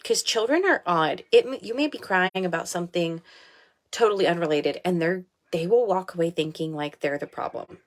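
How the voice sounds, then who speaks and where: A woman's voice: lowish voice, moderate pace. A woman in her thirties, a life coach and mother, talking candidly and from the heart on a casual live video from her bathroom. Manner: candid, heartfelt, laughs easily. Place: small home bathroom.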